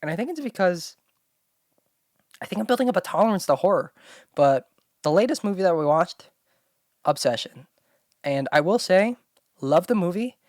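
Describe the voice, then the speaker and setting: A woman's voice: lowish voice, expressive, moderate pace, pauses often, darkish tone, no echo, studio quality. A young woman hosting her own chat show, rambling with constant fillers and talking bluntly with plenty of swearing. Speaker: solo podcast host. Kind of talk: casual talking-to-camera chat.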